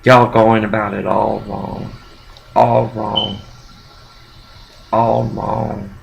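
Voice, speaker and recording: Gravelly man ranting. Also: fairly low pitch, level tone, extremely slow, slight background noise, low-quality recording. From Texas. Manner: profane, heated, rambling rant. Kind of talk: ranting monologue to camera.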